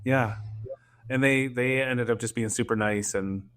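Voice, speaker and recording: A man's voice: medium pitch, fairly even intonation, unhurried, fairly bright tone, clear, resonant tone. A man hosting a podcast, asking questions in a casual, curious way with many fillers. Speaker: podcast host. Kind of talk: casual interview chat.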